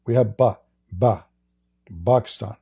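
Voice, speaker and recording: A man's voice: mid-range voice, moderate pace, vocal fry, dark tone, husky. A man with an Arabic accent hosting live-stream debate commentary, emphatic and full of rhetorical questions to his audience. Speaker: Christian apologist host.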